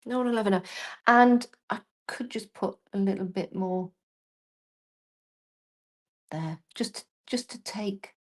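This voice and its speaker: Chatty woman demonstrating crafts. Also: medium pitch. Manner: chatty, self-deprecating, talks while working. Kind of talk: live crafting demo.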